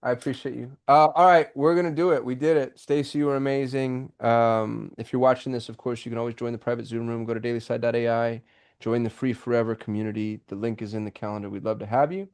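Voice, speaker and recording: A man hosting a live call-in business show, talking in an excitable, rambling way with many restarts over a video call. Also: medium pitch, fast, smooth. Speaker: host. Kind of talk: casual live show chat.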